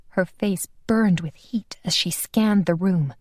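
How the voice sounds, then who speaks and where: Slow dry woman audiobook narrator. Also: fairly low pitch, no room sound. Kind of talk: scripted narration.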